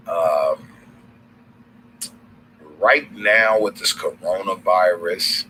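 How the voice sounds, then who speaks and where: A man's voice: low voice, bright, forceful tone, a little hiss or hum, rough recording. A man with a Southern accent hosting a casual livestream, rambling loosely in slang with lots of fillers and restarts. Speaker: livestream host.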